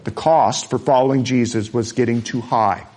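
A man's voice: medium pitch, steady tone, moderate pace, a little mellow. Man preaching an earnest sermon. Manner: earnest, emphatic preaching with repeated phrases. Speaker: pastor.

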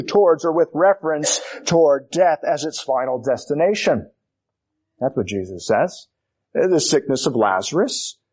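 A male preacher delivering an expository sermon, his voice sitting somewhat high for a man. He speaks emphatically, stacking repeated phrases to drive each point home. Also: a little mellow. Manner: emphatic, building repetition with rising emphasis.

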